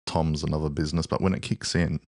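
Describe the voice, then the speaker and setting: A man's voice: a bass voice, little pitch movement, fast. A man co-hosting a casual music podcast, playful, with many short agreeing replies. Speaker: podcast co-host. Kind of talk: casual chat about music.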